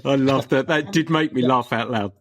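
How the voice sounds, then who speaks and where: A man hosting a podcast interview, asking his guest questions in an appreciative, gently leading way. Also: medium pitch, normal speed. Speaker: podcast host.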